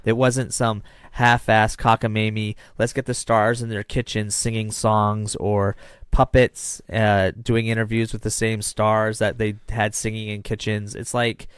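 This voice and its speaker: A man's voice: on the low side, level tone, unhurried, smooth, dry recording, studio quality. A man co-hosting a podcast in casual chat, ranting with strong opinions. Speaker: podcast co-host.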